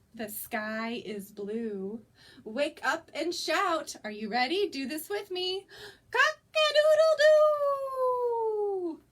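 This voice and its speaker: A young woman librarian reading a picture book aloud at toddler story time, coaxing the children to join in. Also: on the high side. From United States. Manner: sing-song, animated, coaxing children to join in.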